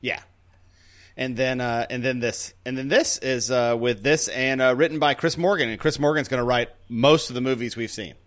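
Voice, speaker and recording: A man from Tennessee, co-hosting a casual movie chat in an animated, ranting way. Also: medium pitch, normal speed. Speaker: podcast co-host.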